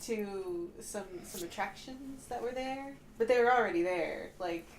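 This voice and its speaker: A woman's voice: medium pitch, measured pace. A woman co-hosting a casual podcast, thinking aloud and hesitating over her words. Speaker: podcast co-host. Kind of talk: casual group chat. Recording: roomy, faint background hiss.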